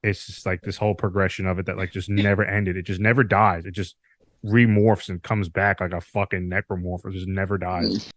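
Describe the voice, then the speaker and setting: A man's voice: sits low, little pitch movement, a little fast, no room sound. A man hosting a podcast, talking loosely with lots of fillers and some swearing. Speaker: podcast host. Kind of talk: casual podcast chat. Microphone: remote call mic.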